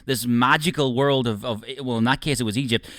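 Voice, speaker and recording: A man's voice: medium pitch, a little fast, fairly bright tone, no room sound, studio quality. A man hosting a live podcast, asking a long looping question with restarts. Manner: asks long looping questions, short backchannel replies. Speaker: podcast host. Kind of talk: live interview.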